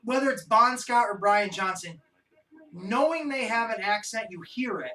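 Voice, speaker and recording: A man's voice: sits high, expressive, normal speed, sharp tone, far from the mic. A man from the United States, co-hosting a podcast in crude, jokey casual chat while watching a film. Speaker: podcast co-host. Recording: roomy, off-mic sound.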